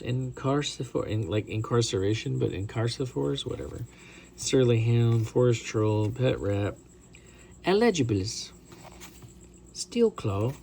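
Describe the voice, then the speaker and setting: A middle-aged man chatting casually as he opens trading card packs, rambling, excitable and self-deprecating. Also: mid-range voice, unhurried, vocal fry, long pauses, a little hiss or hum. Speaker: card collector opening booster packs. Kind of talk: casual hobby vlog commentary.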